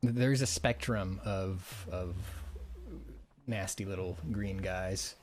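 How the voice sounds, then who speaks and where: A man's voice: low voice, slow. A man, a voice actor, chatting casually and rambling with many restarts. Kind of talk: casual chat.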